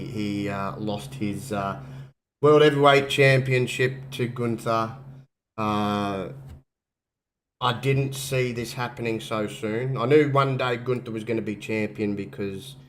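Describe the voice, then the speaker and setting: A man's voice: lowish voice, a little hiss or hum. A man hosting a casual wrestling chat while sick with covid, coughing now and then and rambling through restarts. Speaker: podcast host.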